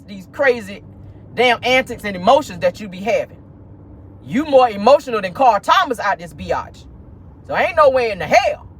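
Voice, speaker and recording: A woman streaming celebrity gossip from her car, sassy and animated, calling her viewers honey and child. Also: a little high, breathy edge. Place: inside a car.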